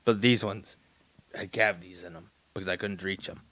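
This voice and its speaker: A man's voice: low-pitched, steady tone, brisk, fairly bright tone, no echo. A man co-hosting a comedy podcast, talking in a goofy, easily flustered way with a sore mouth after getting teeth pulled. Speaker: podcast co-host. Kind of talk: casual comedic podcast banter.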